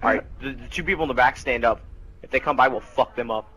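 A man's voice: mid-range voice, fast talker, sharp tone, breathy edge, rough recording. A blunt, sarcastic man swearing in gaming party chat. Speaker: gamer.

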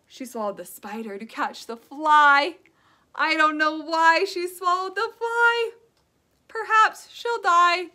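Brief: young female preschool teacher, sing-song and unhurried, high-pitched. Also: pushed and bright. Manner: sing-song, drawn-out phrasing for small children. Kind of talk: children's lesson and nursery rhymes.

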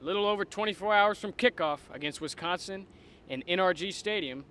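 A young man reporting outdoors by a stadium, teasing students with quick questions. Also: sits high, bright, forceful tone. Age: young adult. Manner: upbeat, teasing. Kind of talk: street interviews. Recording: light outdoor noise.

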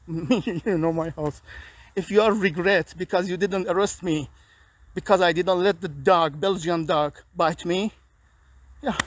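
High-pitched and clearly weary, the agitated vlogger airs a personal complaint on video from a park, his non-native English coming out halting.

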